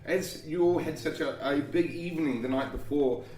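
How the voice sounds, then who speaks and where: A man's voice: fairly high pitch, moderate pace, a little mellow. A man narrating as dungeon master in a tabletop game, rambling loosely with frequent restarts. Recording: echoey room, far from mic.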